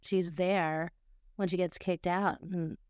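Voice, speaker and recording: Smooth, low-voiced woman podcast co-host. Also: steady tone, takes it slowly, a little mellow, no echo, studio quality. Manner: reflective, empathetic, voices imagined reactions. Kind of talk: casual chat.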